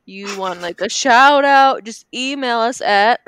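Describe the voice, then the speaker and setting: A young woman co-hosting a podcast, excitable and playful in casual chat. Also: on the high side, unhurried, smooth, no room sound. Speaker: podcast co-host.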